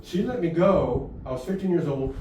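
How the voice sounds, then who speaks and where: A rambling older man, his voice pitched fairly high and laughing as he talks. He sits some way from the microphone in a very echoey room with a faint hiss behind him. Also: animated, normal speed, darkish tone. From Houston, Texas. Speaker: guest musician. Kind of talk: storytelling in conversation. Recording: echoey room, far from mic, faint noise.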